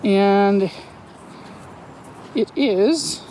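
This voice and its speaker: A woman narrating her metal detecting finds outdoors on a wooded property in a chatty, excitable way, often correcting herself. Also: medium pitch, extremely slow, slight background noise, rough recording. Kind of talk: casual outdoor vlog narration.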